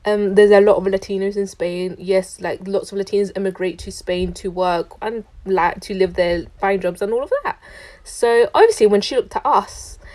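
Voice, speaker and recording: A young woman tells a travel story straight to camera. She sounds chatty and indignant, and her sentences are full of "like". Her pitch sits in the middle range. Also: dark tone. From London, England. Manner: chatty, indignant, heavy use of "like". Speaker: traveller recounting a trip.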